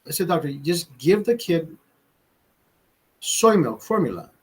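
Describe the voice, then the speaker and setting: A man's voice: on the high side, sing-song, unhurried, breathy edge, rough recording. A young man telling a rambling, profane story in casual chat, with many restarts. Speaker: vlogger host.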